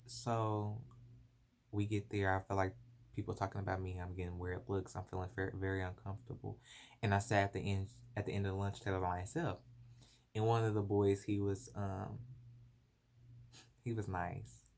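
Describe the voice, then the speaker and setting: A man's voice: low voice, normal speed, gravelly, pauses often, a little hiss or hum. A young adult man earnestly telling a personal story in a confessional vlog, recorded on a phone. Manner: earnest, animated, emotional retelling. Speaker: vlogger.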